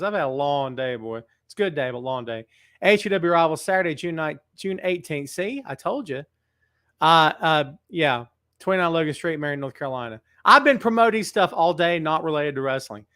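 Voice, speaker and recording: A middle-aged wrestling podcast host chats casually on a live stream from a large building, greeting viewers by name. He is earnest and turns somber when things get serious. His voice is a little high and a bit bright, captured on a webcam setup with clean, dry studio sound.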